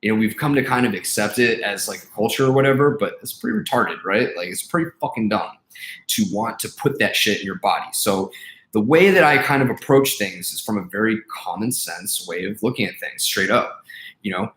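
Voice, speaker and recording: A man's voice: fairly low pitch, animated, brisk, fairly bright tone. A young man ranting casually to camera, blunt and profane, full of fillers and exasperation. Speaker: vlogger and life coach. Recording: echoey room.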